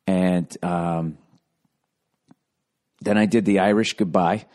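A man with a fairly low voice talks through a long, rambling story on his own podcast. He swears freely and keeps breaking off to do high, mocking impressions of the people in his story. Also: steady tone, slow pace, darkish tone. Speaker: podcast host. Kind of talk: casual storytelling monologue.

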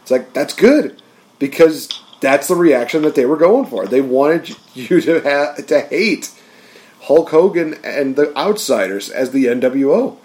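Animated man in casual wrestling chat. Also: a little high, measured pace. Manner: animated, acts out wrestler promos in bursts. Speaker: podcast co-host.

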